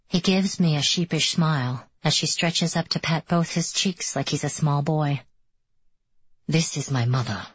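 Low, husky woman narrating an audiobook. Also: no echo. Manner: measured, descriptive storytelling. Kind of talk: first-person scripted audiobook narration. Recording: dull, dry studio recording.

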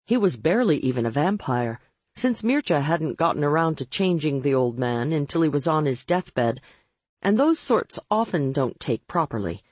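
A woman's voice: deep voice, very animated, moderate pace, darkish tone, husky, no echo. A woman reading a first-person audiobook with wry, sardonic narration.

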